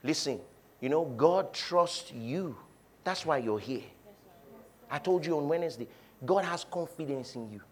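A man preaching a sermon, shouting one moment and dropping low the next, leading his congregation to repeat phrases. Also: expressive, measured pace, long pauses. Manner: preaching with swings from shouting to quiet, leading call-and-response. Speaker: pastor.

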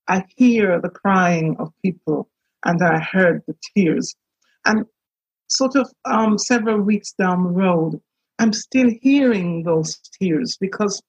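A woman minister giving an earnest, halting personal account, with many pauses and restarts, on a dull lo-fi recording. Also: medium pitch, breathy edge. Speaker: minister and priest. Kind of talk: reflective personal testimony.

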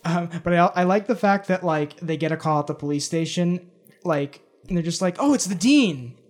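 A man's voice: on the high side, fairly even intonation, fairly quick. A man co-hosting a casual movie podcast, rambling through his points with lots of "like" and restarts. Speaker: podcast co-host. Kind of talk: casual movie review chat.

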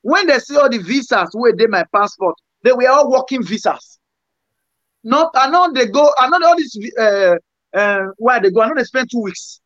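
A man's voice: very high-pitched, lively intonation, moderate pace, fairly bright tone, no room sound. Guest musician, male, Nigerian Pidgin accent, rambling storyteller, very dry close sound. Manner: rambling, repeats words while searching. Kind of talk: casual storytelling. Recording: dull lo-fi sound.

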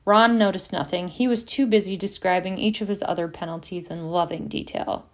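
A woman narrating an audiobook at a steady pace and doing voices for the characters. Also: lowish voice, a little fast. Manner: steady storytelling, reads several voices. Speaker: audiobook reader.

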